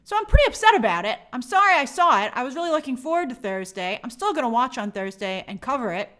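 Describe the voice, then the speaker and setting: High-voiced lady host ranting about tv, sarcastic, voice jumps all over. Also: fast. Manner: animated, sarcastic, exasperated asides. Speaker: show host. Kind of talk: casual opinionated commentary.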